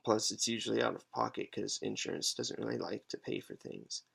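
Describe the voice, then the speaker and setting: A man in his twenties giving a halting, hesitant, unscripted monologue with many pauses and fillers. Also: fairly low pitch, gravelly, fairly bright tone, husky. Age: 20s. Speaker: patient advocate vlogger. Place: alone at home.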